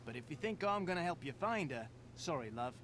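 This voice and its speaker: A man's voice: on the high side, lively intonation, a little fast, lightly acted. An actor playing a guarded Australian man on the run who had posed as Jamaican, speaking in a game with background noise. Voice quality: wary, guarded, laid-back slang. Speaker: game character. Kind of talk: video game voice acting.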